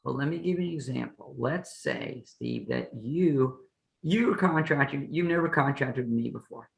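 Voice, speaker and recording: A man's voice: medium pitch, animated, moderate pace, vocal fry, echoey room, poor audio. A man who teaches law, explaining contract rules in a plain-spoken way with playful hypotheticals. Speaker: law professor and podcast host. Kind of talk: explanatory lecture chat.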